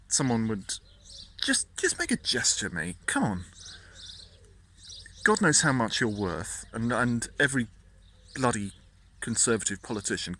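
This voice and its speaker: A man venting in a casual, indignant rant. His voice is bright and forceful, and he keeps tripping over and repeating his words. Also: medium pitch, slight background noise. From Britain. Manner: indignant, stumbling repetitions. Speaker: vlogger.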